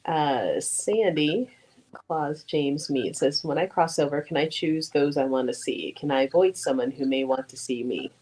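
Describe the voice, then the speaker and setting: Low-voiced woman reading viewer questions. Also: a little slow, low-quality recording. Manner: reads questions aloud, relaxed with soft fillers. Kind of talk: casual chat.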